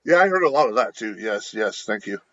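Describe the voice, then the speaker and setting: A man's voice: fairly low pitch, big pitch swings, brisk, sharp tone, no echo. A man co-hosting a podcast, joking around in casual banter, heard over a dry, dull lo-fi online call. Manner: joking with a mock-dramatic put-on voice. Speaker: podcast co-host.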